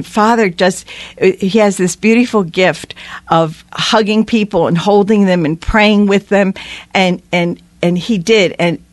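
Woman, earnest radio storyteller, mid-pitched voice, dry close studio sound. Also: no room sound. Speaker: guest.

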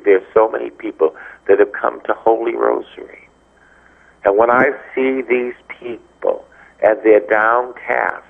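A man's voice: medium pitch, gravelly, breathy edge. A man, a priest, giving a Bible teaching on the radio, telling stories and acting out the people he quotes. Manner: animated storytelling, acts out quoted dialogue. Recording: dull lo-fi radio sound.

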